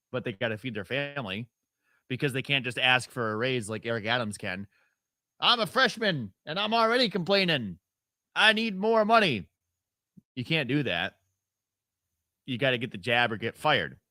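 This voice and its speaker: A man's voice: medium pitch, bright, forceful tone, dry recording. A man from upstate New York hosting a radio talk show, opinionated and rambling, with fillers and sarcastic asides. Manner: mocks others by putting on their voices. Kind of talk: casual call-in talk radio.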